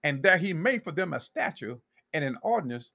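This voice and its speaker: A male preacher with a gravelly, somewhat high voice that swings widely in pitch as he preaches. He reads scripture passages aloud between his own points. He often repeats and restarts words mid-phrase. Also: brisk. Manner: animated preaching with many restarts and scripture reading. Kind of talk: sermon.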